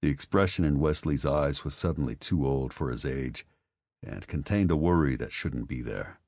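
A man reads an audiobook in an exceptionally deep voice. His delivery is measured and steady. The recording is dry and close. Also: no room sound. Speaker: audiobook narrator. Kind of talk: scripted narration.

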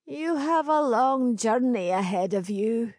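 A woman voicing a wise old crone with the sight, speaking in a slow, knowing, archaic way. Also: a little high, expressive, darkish tone, dry recording, studio quality, pitched above the performer's own voice. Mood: cryptic. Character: wise old female crone seer, cryptic.

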